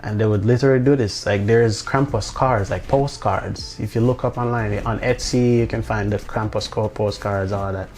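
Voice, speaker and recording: Rambling man with a low voice. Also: steady tone, moderate pace, hardly any pauses, a little mellow, faint music behind. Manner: rambling, restarts often, swears, incredulous asides. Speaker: vlogger. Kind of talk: casual monologue.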